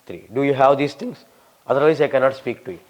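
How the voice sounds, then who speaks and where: Fast-talking older man, Telugu accent. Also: mid-range voice, a little mellow. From Telugu-speaking South India. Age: 60s. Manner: fast-talking, humorous, emphatic. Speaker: visiting scholar answering questions. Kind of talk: lecture-style Q&A.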